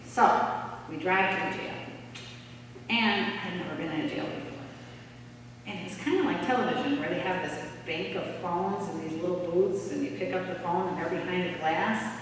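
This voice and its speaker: A woman giving a storytelling talk in a church, lively and acting out the people she quotes. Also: on the low side, normal speed, noisy background. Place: church hall. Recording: echoey church hall, distant mic.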